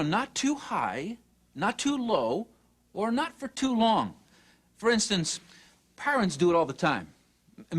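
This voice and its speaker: A narrator giving a dramatic teaching talk, swinging between loud mock scolding and soft near-whispers. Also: medium pitch.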